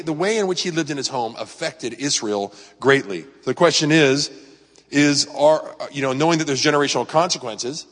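A man's voice: medium pitch, a bit bright. A middle-aged man, a pastor, preaching a conversational sermon and retelling stories with quoted voices. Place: church sanctuary. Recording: reverberant sanctuary.

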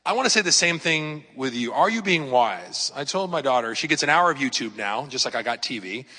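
A man's voice: mid-range voice, lively intonation, a little fast, pushed and bright, slightly rough. A man in his fifties, a pastor giving a chatty, emphatic sermon full of personal stories and rhetorical questions. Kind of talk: conversational sermon. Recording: long hall reverb.

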